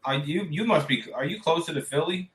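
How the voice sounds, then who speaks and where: A man's voice: on the high side, fairly quick, over a noisy crowd. A man co-hosting a podcast, speaking casually and asking direct questions. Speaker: podcast co-host.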